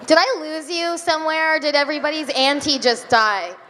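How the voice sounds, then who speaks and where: A young woman performing a stand-up comedy set, giggly and self-deprecating, with drawn-out deadpan asides. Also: high-pitched. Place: comedy club stage before a live audience. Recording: live club recording with reverb, faint room noise.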